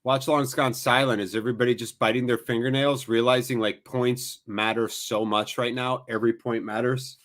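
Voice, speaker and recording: A man's voice: mid-range voice, fairly even intonation, normal speed, hardly any pauses, fairly bright tone. A man hosting a live watchalong, giving casual, jokey play-by-play with rambling asides. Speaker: watchalong host. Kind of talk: casual live match commentary.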